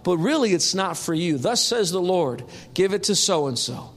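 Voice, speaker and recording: A preacher voicing a gentle, patient divine spirit in a calmer, lower tone. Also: male voice, moderate pace. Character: calm, gently firm divine spirit speaking.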